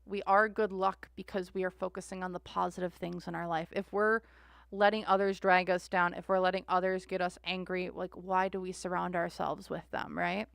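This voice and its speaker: A woman's voice: on the low side, little pitch movement, normal speed, gravelly, no room sound, studio quality. A woman hosting a tarot livestream, chatting casually and rambling with frequent restarts.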